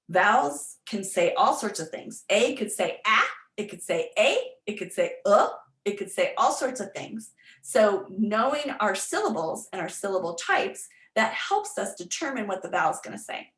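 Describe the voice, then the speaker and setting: A woman's voice: medium pitch, roomy sound, low-quality recording. A woman teacher giving an informal online workshop on reading skills, chatty and full of fillers and restarts as she sounds words out. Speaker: literacy teacher presenting a workshop.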